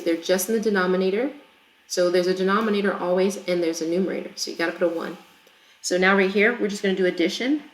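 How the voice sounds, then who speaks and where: A woman teacher working through a math problem in a recorded lesson, chatty and explaining step by step with frequent checks for understanding. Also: mid-range voice. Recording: echoey room.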